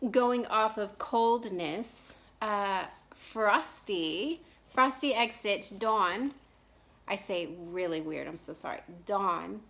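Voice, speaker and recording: A woman in her thirties from Texas, chatting casually into the camera as a cross-stitch vlogger. She rambles along, full of fillers and restarts, and clears her throat now and then because of allergies. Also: medium pitch, fairly bright tone. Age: 30s. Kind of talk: casual chat.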